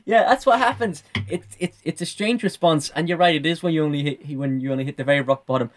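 A man's voice: a little high, fast, slight background noise. A man in casual podcast conversation, reflective, explaining his views at length and often repeating words as he thinks.

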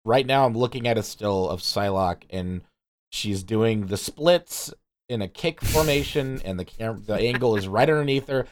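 A man's voice: on the low side, moderate pace. A man co-hosting a podcast, chatting casually with dry, sarcastic asides. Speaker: podcast co-host.

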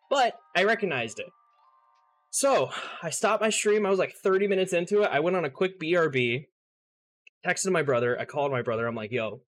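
A man's voice: fairly high pitch, a bit bright. Young man, podcast host, casual chat, laughs a lot, swears, faint music behind. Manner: laughs often, swears, trails off and restarts.

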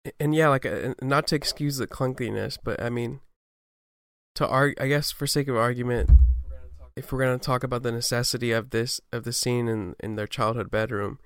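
A man with a smooth, resonant voice works through his thoughts on a show's themes, hedging and restarting as he goes. The delivery is casual and conversational. The recording is dry and close, with no room sound. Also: mid-range voice, fairly even intonation, moderate pace, a bit bright, no room sound. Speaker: podcast co-host. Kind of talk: casual analysis chat.

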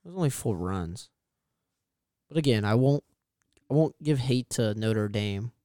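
Young male co-host, brash and teasing, mellow, dry close mic. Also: on the low side, expressive, measured pace, no echo. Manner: brash, teasing, swears freely. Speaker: podcast co-host. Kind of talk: casual sports chat.

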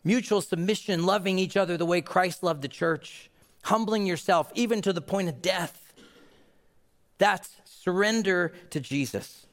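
A man's voice: high-pitched, unhurried, big-room sound. Earnest man preaching a sermon. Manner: earnest and emphatic. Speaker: pastor. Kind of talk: sermon with closing prayer.

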